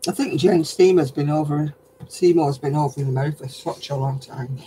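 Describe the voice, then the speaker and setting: A woman's voice: sits low, a little fast, mellow, a little hiss or hum, low-quality recording. A woman with a broad Lancashire accent, chatting homely with viewers while crocheting on a craft livestream. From Lancashire, England. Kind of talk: casual chat, answering viewer comments while crocheting.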